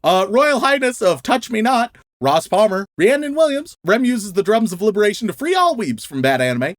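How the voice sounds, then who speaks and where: A man's voice: high voice, big pitch swings, normal speed, no room sound, studio quality. A young man co-hosting a podcast, reading out a list of names in a casual, laughing, stumbling way. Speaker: podcast co-host.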